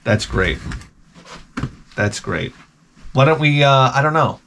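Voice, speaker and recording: A man at an ordinary middle pitch talks through a loose comedic monologue for his gaming channel. He swears freely and jokes, wandering from one tangent to the next. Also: lively intonation, takes it slowly, fairly bright tone, slight background noise. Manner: profane, joking, rambling tangents.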